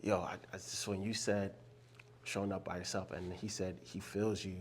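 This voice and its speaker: A man's voice: deep voice, little pitch movement, moderate pace, slight background noise. A man with a Philadelphia accent hosting an interview, talking casually and affirming his guest. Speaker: interview host.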